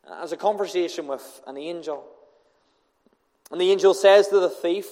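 An earnest man preaching an evangelistic sermon in a church, hammering home points by repeating them. His voice sits a little high for a man and carries a long hall reverb. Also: normal speed, darkish tone. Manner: earnest, emphatic, with repetition.

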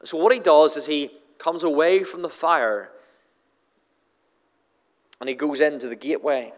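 A Northern Irish man preaches a sermon at a measured pace in a fairly high voice, with long hall reverb on the recording. He often stumbles over repeated words when starting sentences and acts out the lines he quotes.

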